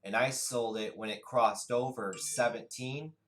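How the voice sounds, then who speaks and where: A man narrating a stock chart walkthrough, explaining trades in a steady, unhurried way. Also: medium pitch, poor audio. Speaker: day trading educator. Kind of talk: screen-share chart walkthrough.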